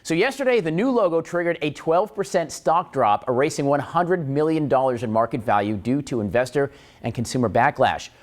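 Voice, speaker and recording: A man's voice: a little high, fairly quick. A man hosting a morning show, chatting in a jokey, wisecracking way and throwing in puns. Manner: punning, wisecracking, animated.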